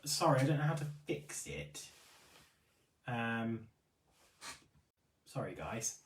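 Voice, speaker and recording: A man's voice: mid-range voice, very animated, slow, roomy sound, recorded from a distance, a little hiss or hum. A man hosting a live stream for a beauty retailer, chatting casually, reading out viewer comments and often apologising. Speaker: livestream host for a beauty retailer.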